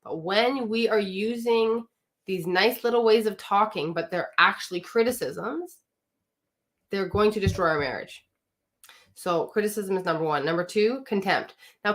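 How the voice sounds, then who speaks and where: Woman coach, mid-pitched, direct and emphatic, live talk to women, throws questions at the audience. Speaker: marriage coach.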